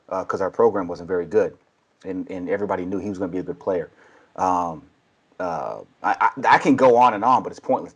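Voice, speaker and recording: A man in his forties with a low, husky voice, telling long stories on a podcast. He acts out the people he quotes with animated shifts. The tone is casual and conversational. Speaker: podcast guest, baseball coach. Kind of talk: casual storytelling.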